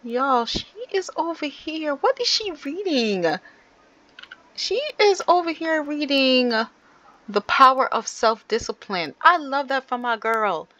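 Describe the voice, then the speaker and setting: Bright, lively woman narrating gameplay. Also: sits high, slow pace, no echo. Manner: chatty, addresses viewers directly. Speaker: gaming channel host. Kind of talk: casual gameplay commentary.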